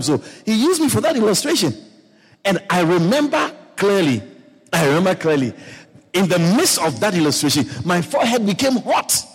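A man preaching a sermon as a pastor. He talks in a playful, animated way and often repeats words and adds asides. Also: high-pitched, slightly rough, big-room sound.

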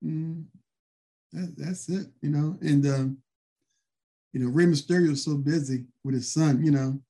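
Mellow-voiced rambling former wrestler. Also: male voice, fairly high pitch, a little slow. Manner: rambling, peppered with fillers. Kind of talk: casual storytelling interview.

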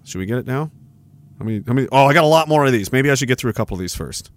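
A man's voice: mid-range voice, lively intonation, racing, no echo. A man hosting a live stream, chatting casually in a rambling, profane way and laughing often. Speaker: podcast host. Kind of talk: casual livestream chat.

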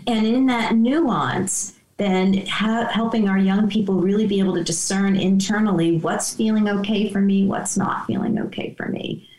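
A woman's voice: medium pitch, fairly even intonation, moderate pace, few pauses, darkish tone, roomy sound, low-quality recording. A woman therapist being interviewed, talking through ideas thoughtfully and now and then acting out young people's voices. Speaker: therapist guest. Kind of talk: conversational interview answers.

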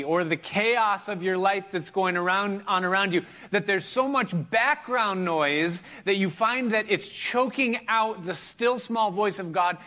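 A middle-aged pastor telling a home story in a sermon, in a conversational, self-deprecating way with small chuckles. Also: male voice, high voice, sharp tone.

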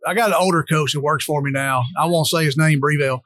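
A man's voice: on the high side, fast talker, no room sound, clean studio sound. A man, a head coach telling sports stories in casual chat, laughing often. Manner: laughing, animated storyteller. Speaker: head coach and podcast guest.

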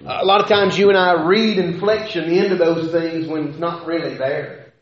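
A man's voice: on the high side, fairly even intonation, moderate pace. A man preaching a sermon, talking conversationally with rhetorical questions and frequent restarts. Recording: echoey hall, dull lo-fi sound.

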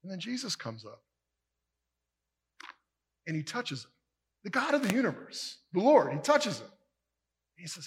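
Male pastor, fairly high voice, breathy edge, preaching with big swings from loud to soft, long church echo. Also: wildly swooping pitch, unhurried, long pauses. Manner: emphatic, swings from forceful peaks to hushed endings. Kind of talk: sermon. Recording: long reverb of a large hall.

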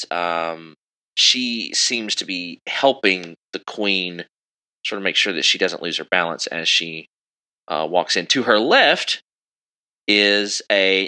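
Bright-voiced man narrating as game master. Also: deep voice, poor audio. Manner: rambling descriptions with many fillers.

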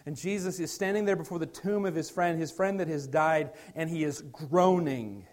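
A man in his thirties preaching a sermon, earnest, moving between loud emphasis and soft, hushed lines. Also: on the high side, normal speed. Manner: earnest, shifts from loud stress to quiet near-whispers. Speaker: pastor.

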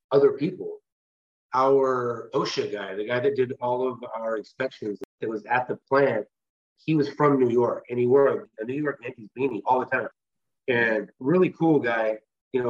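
A man's voice: mid-range voice, husky, muffled recording. A man from the West Coast of the US, a guest telling a long personal story in a casual, rambling way with restarts. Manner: rambling, with restarts and filler phrases. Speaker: interview guest.

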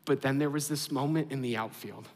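A man in his thirties, a pastor giving a sermon in an animated, conversational way, asking the congregation questions. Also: medium pitch, brisk, in a large hall, slight background noise.

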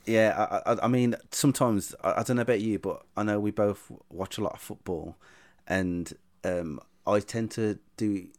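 A man's voice: on the low side, steady tone, moderate pace, a little mellow. A man from the UK hosting a casual podcast, talking hesitantly with many stammers and restarts. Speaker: podcast host.

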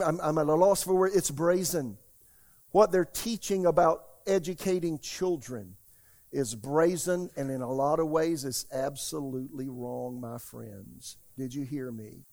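High-voiced male pastor preaching emphatically. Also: unhurried. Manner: emphatic preaching, asks the congregation "How many hear me?"; swings from loud declarations to quiet asides. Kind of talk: Easter Sunday sermon.

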